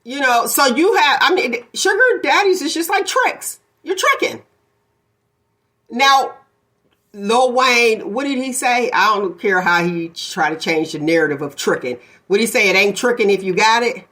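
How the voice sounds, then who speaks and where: Blunt female talk-show host with a bright, slightly high voice and an opinionated delivery. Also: lively intonation, moderate pace. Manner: opinionated, blunt, laughs often. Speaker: podcast host. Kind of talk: casual chat.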